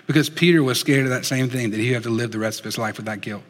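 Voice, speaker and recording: Earnest male preacher in a reverberant hall. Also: mid-range voice. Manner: earnest, dropping soft and slow for emphasis. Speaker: pastor. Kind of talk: sermon.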